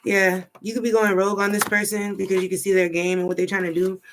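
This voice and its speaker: A woman's voice: medium pitch, little pitch movement, fast talker, background noise. A woman giving a rambling, chatty tarot card reading, thinking aloud as she goes. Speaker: tarot reader.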